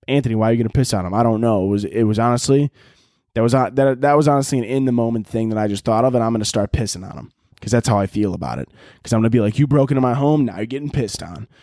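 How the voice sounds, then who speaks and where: A man doing a crude, rambling comedy monologue as a podcast host, now and then shouting out other people's lines. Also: mid-range voice, no echo, studio quality. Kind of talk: comedic monologue answering listener questions.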